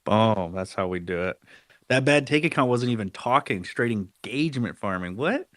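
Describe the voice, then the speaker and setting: A man hosts a casual online voice chat, joking around in loose bro talk. His voice sits a little low, and the sound is dry and close. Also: expressive, normal speed, fairly bright tone, no room sound. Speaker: host.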